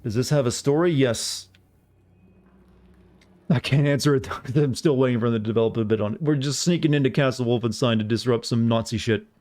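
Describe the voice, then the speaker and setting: A man's voice: medium pitch, brisk, a little mellow. A man streaming a game and chatting casually with his viewers, teasing them and playfully dodging their questions. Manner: teasing, evasive, talks over gameplay. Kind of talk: casual gaming commentary to chat.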